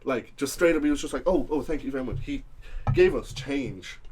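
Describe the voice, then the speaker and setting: A young man with an Irish accent co-hosts a casual podcast, telling anecdotes in a loose, meandering way. His voice sits at an ordinary middle pitch, and his story keeps drifting along with plenty of ums and uhs. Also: a little fast, darkish tone, a little hiss or hum. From Ireland. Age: young adult. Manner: rambling anecdotal storytelling with many fillers. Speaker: podcast co-host. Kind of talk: casual chat.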